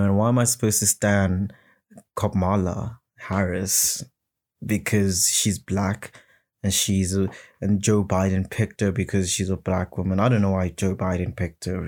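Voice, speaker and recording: A man with a lowish voice rants alone into his podcast mic. He rambles and swears, and his anger builds as he talks. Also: fairly even intonation, unhurried, a little mellow. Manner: rambling, heated, swearing, mimics others in mocking voices. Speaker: podcast host. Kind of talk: solo casual rant.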